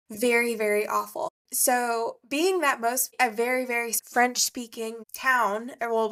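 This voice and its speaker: A woman's voice: fairly high pitch, fairly bright tone. A woman co-hosting a podcast, telling a story in casual chat and laughing often. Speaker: podcast co-host.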